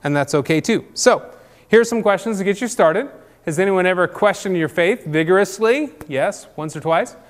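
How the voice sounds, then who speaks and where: A man leading an informal church group talk, posing questions and filling gaps with ums and restarts. His voice sits fairly high for a man. A long reverb trails each phrase in the hall. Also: expressive, normal speed. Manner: conversational, many fillers and restarts, asks questions.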